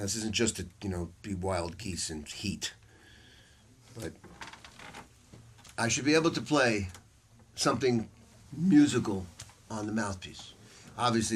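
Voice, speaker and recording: In a music store hall with a small audience, an older saxophone teacher with a lowish voice gives a masterclass. He delivers it as a loose, foul-mouthed string of stories, staying animated, performing other people's voices and laughing a lot. The audio carries faint background noise and some clicks.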